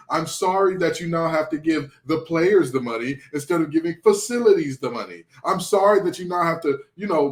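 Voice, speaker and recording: A male sports podcast co-host on a heated rant, sarcastic and animated. His voice sits slightly high, and it carries a noticeable room echo.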